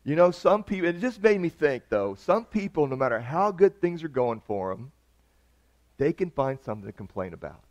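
A man's voice: fairly high pitch, big pitch swings, moderate pace, a little mellow. A man pastor preaching an earnest, conversational sermon. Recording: dull lo-fi recording.

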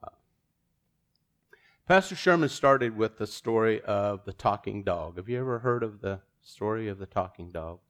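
A man's voice: on the low side, animated, normal speed, fairly bright tone. A man preaching a sermon in church, casual and self-deprecating, with chuckling asides and a joke woven in.

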